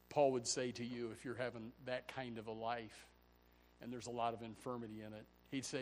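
Man preaching, hushed to shouting. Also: mid-range voice, little pitch movement, fairly quick, a little hiss or hum. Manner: preaching with rhetorical questions, swinging from hushed to shouted. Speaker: pastor. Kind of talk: sermon.

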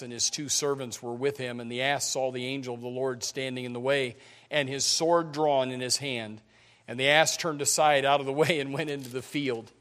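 Animated preaching man, bright voice. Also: mid-range voice. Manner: animated, emphatic preaching with sudden loud peaks; repeats words when starting sentences. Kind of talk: sermon.

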